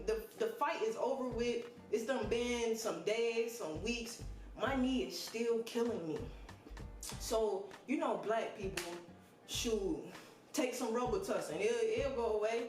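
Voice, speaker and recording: A man's voice: sits high, a little slow. A man telling a casual storytime to camera, loose, profane and joking as he goes. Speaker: vlogger. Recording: roomy echo with faint music.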